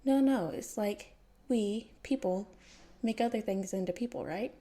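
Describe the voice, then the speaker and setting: A woman's voice: medium pitch, measured pace, mellow, natural voice. A woman voicing a manic, cheerful male mercenary antihero who rambles gleefully. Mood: rambling explaining. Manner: giddy, rambling, gleefully unhinged.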